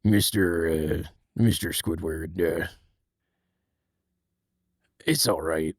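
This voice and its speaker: A man voicing a gruff old male cartoon crab boss, speaking low and halting in a serious tone. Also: no echo, studio quality, heavily acted. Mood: earnest.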